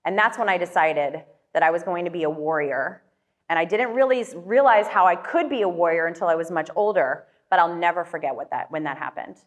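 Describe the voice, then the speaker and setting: A woman giving a motivational talk, speaking with a slightly low voice. She tells a personal story in a loose, casual way, full of filler words. She keeps turning to the audience with quick questions.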